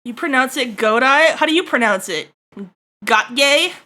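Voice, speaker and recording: A woman chats with her viewers during a livestream, making crude jokes as she goes. Her voice sits high and sounds bright and sharp. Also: expressive, fast. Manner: crude, joking, chatty with viewers. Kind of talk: casual stream chat while drawing.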